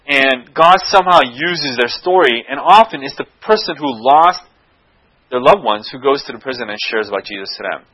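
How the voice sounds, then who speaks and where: A man's voice: mid-range voice, sharp tone, low-quality recording. A man preaching a sermon, telling a story with animation and often checking in with his listeners.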